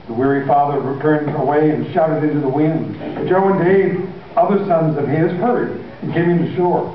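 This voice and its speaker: A man's voice: a little high, moderate pace, a little hiss or hum. A man preaching an impassioned, emphatic sermon, using repeated phrases to drive his points home. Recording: echoey hall from far off, dull.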